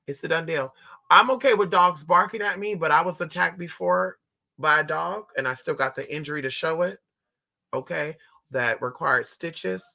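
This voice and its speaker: Brash, gravelly-voiced man telling a story. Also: sharp tone. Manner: swings between high squeals and low mutters. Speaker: livestream host. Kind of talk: casual storytelling to viewers.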